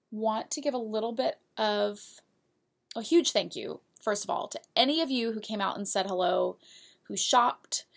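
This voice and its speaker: A woman hosts her knitting show in a relaxed, unhurried way, chatting to viewers like friends. Her voice is strongly gravelly with heavy fry and a husky edge. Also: medium pitch. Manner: chatty, giggly, talks straight to viewers. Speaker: knitting podcast host. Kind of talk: casual show-and-tell of yarn purchases.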